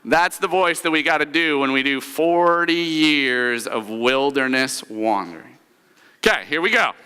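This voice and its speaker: In a church sanctuary with hall reverb, a man preaching as pastor tells the story humorously and guides the congregation through spoken call-and-response recaps. His voice is medium-pitched, unhurried, sharp and clean.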